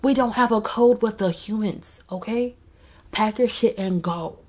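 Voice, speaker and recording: A woman voicing a flock of scheming birds who hush each other in urgent, bossy whispers. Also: medium pitch, a little slow, close to an everyday voice.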